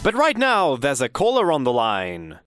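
Deadpan man hosting a silly fact show, bouncy pitch, loud music underneath. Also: moderate pace. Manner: deadpan, pompous. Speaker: comedy show host. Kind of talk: deadpan mock-radio presenting.

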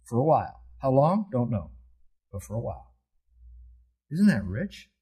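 Older male pastor, husky tone, preaching with emphasis, throws questions at the congregation and answers them. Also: mid-range voice, very animated, a little slow, mellow. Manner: emphatic, asks and answers his own questions. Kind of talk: sermon.

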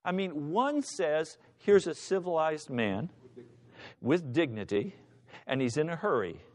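A man's voice: fairly high pitch, sing-song, a little slow. A male pastor preaching a sermon with passion, acting out the voices of the people in his story. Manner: impassioned preacher, acts out shouting voices.

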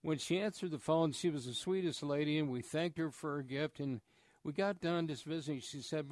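A man's voice: a little high, fairly quick, darkish tone, dry recording. Brief: man, radio fundraising appeal, earnest preacher-like storytelling, dry close studio sound. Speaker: charity fundraiser guest on radio.

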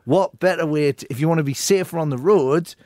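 An Australian man with a slightly high voice tells a story in a rambling, self-mocking way on a radio show. He restarts his sentences often, and the studio sound is dry and close. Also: brisk, a little mellow, no echo. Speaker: guest. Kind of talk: casual radio chat.

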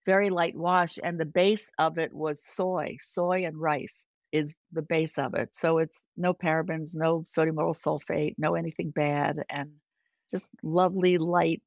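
An older woman, a podcast guest, telling stories in casual chat, animated and lively, acting out quoted voices. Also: unhurried, vocal fry, no echo. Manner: animated, acts out quoted voices with big pitch jumps.

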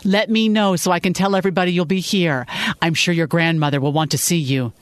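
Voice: mid-range voice, fairly even intonation, fairly quick, no echo, natural voice. A narrator voicing a worried, insistent middle-aged mother who fusses and gives orders. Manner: fussing, insistent. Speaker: character in a read story.

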